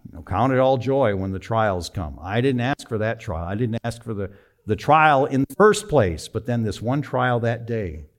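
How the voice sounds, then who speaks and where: A middle-aged man preaching a sermon, telling a personal story with emotion, moving from quiet to emphatic. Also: lowish voice, normal speed. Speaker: pastor.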